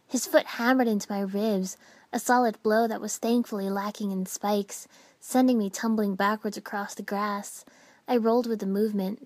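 A woman narrating a first-person story with dramatic expression, dropping to hushed whispers at tense moments. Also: mid-range voice, fairly even intonation, moderate pace, dry recording. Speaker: audiobook narrator.

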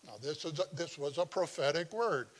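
Animated, slightly high-voiced male preacher. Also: a little fast. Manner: animated, conversational, chuckles while telling stories. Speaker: pastor. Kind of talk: sermon with personal storytelling.

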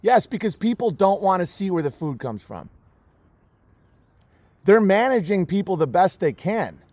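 A man with a fairly high voice delivers an impassioned vlog rant about raising his own animals. He speaks emphatically and emotionally, stays close to tears and hammers the same words over and over. The sound is dry and close, with no room around it. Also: very animated, normal speed, a little mellow, no room sound. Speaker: homesteader raising goats and chickens.

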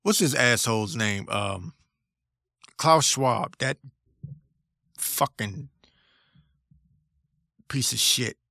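A man's voice: medium pitch, animated, extremely slow, creaky, long pauses, bright, forceful tone, no room sound, studio quality. Blunt, profane man ranting. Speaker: podcast host. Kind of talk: solo podcast rant.

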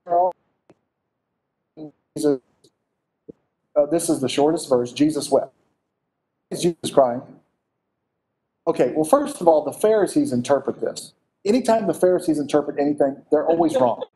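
Male preacher, mellow and warm tone, lively conversational sermon delivery with rhetorical questions. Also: fairly high pitch, normal speed, long pauses.

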